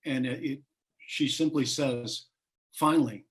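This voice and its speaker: A man's voice: mid-range voice, expressive, normal speed, a bit bright. A middle-aged man joking as a contestant on an online comedy game show, with a dry, laid-back delivery. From Chicago area. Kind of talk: casual joking chat.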